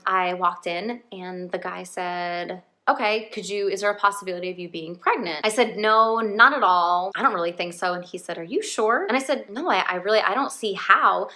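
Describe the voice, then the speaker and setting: A young woman vlogger casually telling a personal story to the camera, chatty and animated, acting out the quotes. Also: medium pitch. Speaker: vlogger, Catholic mom.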